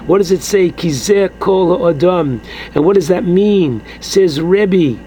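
Man, teaching a Torah class; high, unhurried, emphatic delivery, faint noise behind. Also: mellow, rough recording. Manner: slow and emphatic, with exclamations like "oh my goodness". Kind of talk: Torah lesson, translating Aramaic phrase by phrase.

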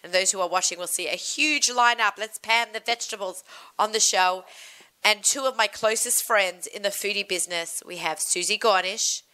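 A woman's voice: mid-range voice, pushed and bright, smooth, no room sound. A woman with an Australian accent hosting a food radio show in a chatty, enthusiastic way. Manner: chatty, enthusiastic, quick asides. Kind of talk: casual radio chat.

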